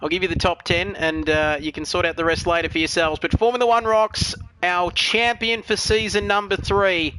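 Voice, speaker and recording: A man's voice: high-pitched, steady tone, normal speed, few pauses, pushed and bright, a little hiss or hum, rough recording. An Australian man calling a sim racing league, full of jokey, matey banter and with a voice worn out by the night. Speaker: lead commentator.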